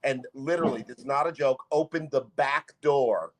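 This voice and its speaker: A man's voice: medium pitch, moderate pace, a crowd in the background, poor audio. A man from Canada, a comedian appearing as a podcast guest, who tells rambling comic anecdotes in casual talk. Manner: rambling anecdotes with bursts of laughter.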